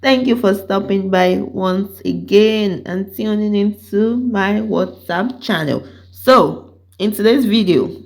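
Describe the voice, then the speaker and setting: A woman hosting her commentary channel, speaking slowly and ominously. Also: mid-range voice, creaky. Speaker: channel host. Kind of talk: dramatic commentary narration.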